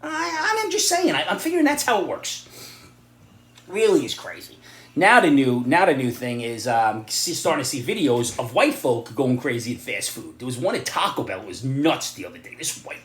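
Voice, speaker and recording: A middle-aged man in a blunt, sarcastic opinion monologue, now and then rising to loud outbursts. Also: on the high side, echoey room. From New York area. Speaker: vlogger giving opinions and advice.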